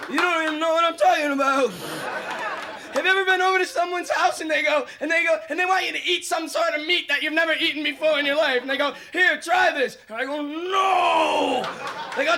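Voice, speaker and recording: A man playing a nervous, awkward amateur comedian who stammers, restarts his sentences and tells flat jokes in a 1980s late-night TV comedy bit. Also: very high-pitched. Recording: old TV studio tape with loud audience laughter and noise.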